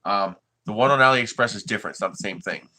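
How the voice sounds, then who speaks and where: A man's voice: fairly low pitch, fast, bright, forceful tone, slight background noise. A man from the United States hosting a 3D printing livestream, chatting casually with his viewers and chuckling often.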